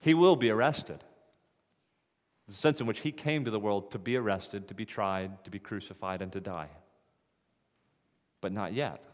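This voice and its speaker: A man's voice: fairly low pitch, normal speed, pauses often. A man preaching an expository sermon, reading scripture and posing rhetorical questions that build to emphatic peaks. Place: church sanctuary. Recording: long hall reverb.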